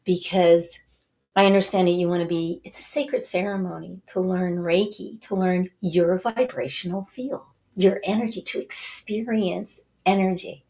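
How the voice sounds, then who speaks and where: A middle-aged woman hosting a wellness show, talking straight to viewers as an animated storyteller and Reiki teacher. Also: fairly low pitch, normal speed. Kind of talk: motivational talk to viewers.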